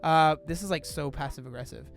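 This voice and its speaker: A man's voice: on the high side, fairly quick, vocal fry, soft background music. A young man casually reads an article aloud and reacts to it in disbelief, using slang and a lot of fillers. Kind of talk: casual reading and commentary.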